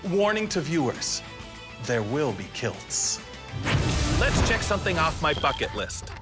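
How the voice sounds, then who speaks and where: A man hosting a comedic TV segment, delivering wry, deadpan jokes. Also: fairly high pitch, a little slow. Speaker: host. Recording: music behind.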